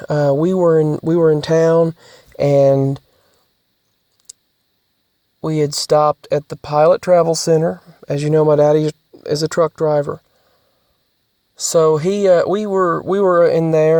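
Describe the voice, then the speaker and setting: A vlogger speaks in a medium pitch with no room sound, giving a casual podcast-style monologue. The delivery is halting, full of restarts and repeated words, occasionally sinking into soft, near-whispered asides.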